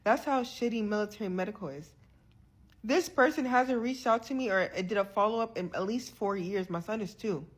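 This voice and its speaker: Young woman, vlog, straight to camera, husky tone, frustrated, earnest, stumbling restarts. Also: medium pitch, normal speed. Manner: frequent restarts and repeated words. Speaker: vlogger sharing her health journey. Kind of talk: candid direct-to-camera vlog.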